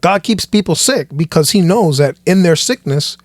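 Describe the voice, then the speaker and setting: Pastor guy on a podcast couch, kinda high voice, fired up and preachy, keeps restarting sentences, super dry mic. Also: normal speed, no echo. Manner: animated, preachy, repeats and restarts phrases. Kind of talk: casual podcast chat.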